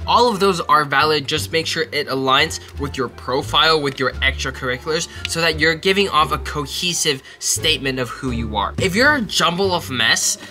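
This is a young man from Texas with a slightly high voice that has a sharp, bright edge. He talks to camera in an animated, self-mocking way and often mutters asides under his breath. Faint music plays behind him. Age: young adult. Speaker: college student giving essay advice. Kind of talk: casual advice vlog.

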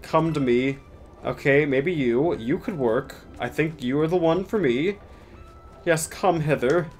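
A man's voice: fairly high pitch, unhurried. Young male streamer, casual and sarcastic, swears freely, mock-dramatic, faint music underneath. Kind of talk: casual gameplay commentary.

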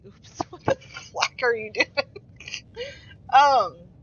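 A woman's voice: a little high, slow, muffled recording, a little hiss or hum. A woman streaming a game in rambling, giggly casual chat, swearing freely as she goes. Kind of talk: casual chat while playing.

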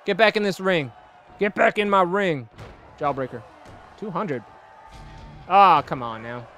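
A young man hosting a gaming video, giving excitable, jokey let's-play commentary and laughing often. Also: high-pitched, a little slow, faint music behind. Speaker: gaming channel host.

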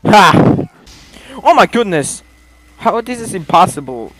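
Game streamer, man, fairly high voice that jumps all over, loud reactions, broken English. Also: measured pace. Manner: excitable, exclaiming and reacting loudly; broken non-native English grammar. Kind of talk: live gameplay commentary.

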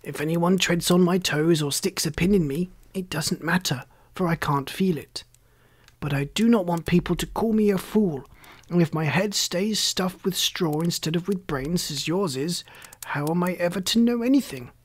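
A reader giving voice to a gentle, friendly scarecrow made of straw, husky and polite in a storybook telling. He speaks earnestly and at times drops to a confiding half-whisper. The pitch sits in a middle range. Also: normal speed, lightly acted. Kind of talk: storybook reading.

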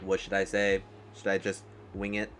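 A man's voice: low voice, monotone, moderate pace, a bit bright, slight background noise. A man playing a tabletop game, chatting casually and hesitating with lots of fillers.

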